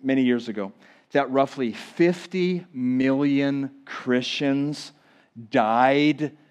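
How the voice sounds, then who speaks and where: A male pastor preaching a sermon to a church congregation, swinging from loud emphatic lines to hushed ones. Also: medium pitch, slow, smooth. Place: church sanctuary.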